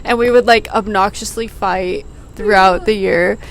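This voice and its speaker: A woman's voice: mid-range voice, fairly even intonation, unhurried, gravelly, a little hiss or hum, rough recording. A woman in her twenties, a podcast guest, recalling old times with a laugh and a teasing manner, recorded outdoors on a porch. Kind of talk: casual chat.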